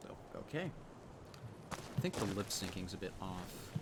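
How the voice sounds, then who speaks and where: A man's voice: low voice, sing-song, moderate pace, creaky, heavy background noise. A man streaming his own game mod, chatting casually and mocking himself as he plays. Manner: rambling, self-mocking, laughs at himself. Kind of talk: casual commentary over gameplay.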